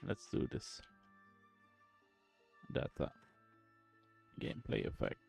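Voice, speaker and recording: A young man streaming game development, quietly muttering to himself in halting phrases as he works. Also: soft background music. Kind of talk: casual livestream commentary while coding and gaming.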